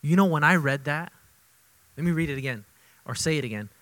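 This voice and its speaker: Bright-voiced pastor preaching with dynamic swings. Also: male voice, on the high side, expressive, a little fast, poor audio. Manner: swings between loud emphatic bursts and quiet intimate asides; conversational, repeats himself for emphasis. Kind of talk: sermon.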